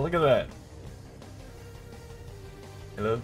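A man hosting a casual gameplay video, jokey and excitable, yelping and laughing through his commentary. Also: lowish voice, normal speed, faint music behind. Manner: excitable, jokey, yelps and laughs at close calls. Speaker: gaming video host.

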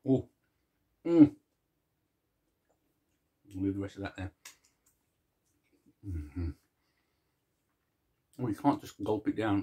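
Husky and dark, his low voice is very animated yet unhurried, broken by long pauses. He's the host of a relaxed video chat, snacking on chocolate while poking fun at himself and chuckling over his puns.

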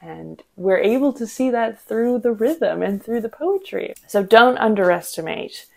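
A woman's voice: on the high side, expressive, a little slow, vocal fry. A woman in her twenties hosting a podcast, explaining acting technique in a chatty, instructional way with casual fillers. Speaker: podcast host and acting coach.

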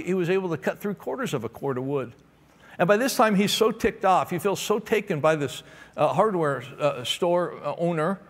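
A man preaching a sermon as pastor, animated and emphatic, telling stories to make his points. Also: sits high. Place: large church auditorium. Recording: long hall reverb in a church.

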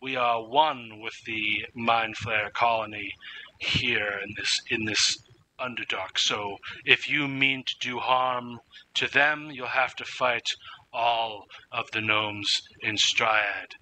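Guy doing a gnome shopkeeper, proud and kinda warning, high voice, put-on dwarf accent, slow and drawn out, bright tone. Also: steady tone, slight background noise, poor audio. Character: welcoming gnome market owner, proud and warning.

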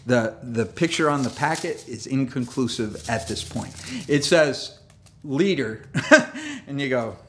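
A man's voice: medium pitch, sing-song, unhurried, slight background noise. A man preaching a sermon as pastor, conversational and self-deprecating, with jokey asides and laughs. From United States. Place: church sanctuary.

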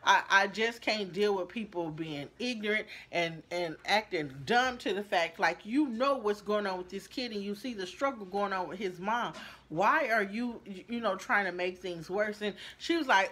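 A woman tells a story in a casual vlog, animated and talking straight to her viewers. Her voice sits at an ordinary middle pitch. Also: normal speed. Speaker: storyteller vlogger.

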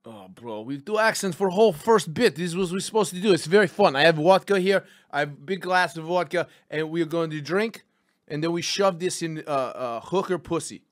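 A man's voice: sits high, sing-song, slow pace, hardly any pauses, no room sound, voice pushed up, exaggerated voice. A man playing a brash, crude Russian podcast host in a put-on Russian accent with broken English and dropped articles. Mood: boastful. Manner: loud and hammy, dropping articles.

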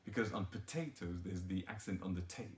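Low-voiced man teaching ukulele, roomy sound. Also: a little fast, darkish tone. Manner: playful, rambling, chants rhythm syllables while playing. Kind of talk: casual tutorial, counting strum patterns aloud. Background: ukulele strumming.

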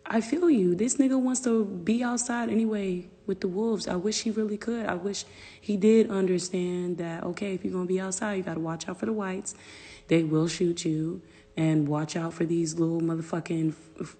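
A woman's voice: lowish voice, warm tone, slightly rough, in a large hall. A woman venting on a phone livestream, exasperated and profane, often dropping into whispered asides.

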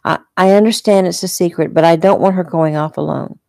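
A woman reading the part of a protective, impatient grown man who speaks softly and hesitantly. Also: on the high side, steady tone, brisk, gravelly, no room sound, studio quality.

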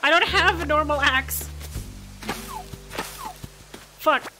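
Excitable high-voiced woman streamer. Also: moderate pace, over music. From United States. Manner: excitable, swings from loud shrieks to low mumbling, swears. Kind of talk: game commentary.

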